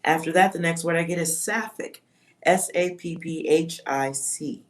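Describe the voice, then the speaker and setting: A woman with a fairly low, slightly slow voice does a psychic reading on a livestream for her chat. Her manner is musing as she reads out words, spells a few of them, and swears casually.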